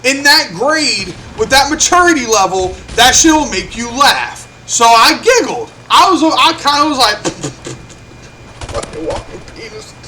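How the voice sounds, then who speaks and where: A young man with a very high, bright, sharp voice tells a story to the camera in a loose, cursing style. He acts out each person's lines as he goes. A faint hiss sits behind him. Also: moderate pace, hardly any pauses. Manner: animated, profane, acts out quotes. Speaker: vlogger. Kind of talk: casual storytelling.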